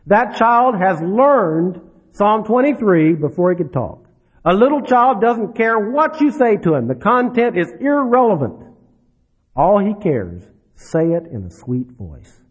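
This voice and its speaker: Husky-voiced man preaching with dramatic swings. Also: fairly high pitch, very animated, moderate pace. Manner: dramatic, swings between soft drops and rising emphasis. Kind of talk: sermon. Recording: dull lo-fi recording.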